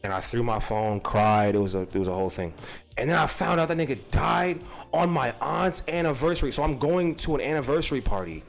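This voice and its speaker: A man's voice: mid-range voice, fairly quick, gravelly, soft background music. A young man telling a personal story in a casual, profane, rambling way. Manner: profane, animated, rambling with restarts.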